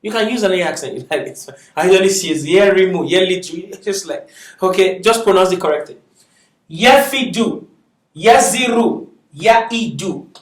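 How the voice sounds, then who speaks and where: Male language teacher, high voice, slow and deliberate delivery, recorded from a distance in a classroom. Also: animated. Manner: drills words slowly, laughs often, chatty asides. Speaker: Arabic teacher. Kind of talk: classroom lecture, reading word lists aloud. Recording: echoey classroom from far off.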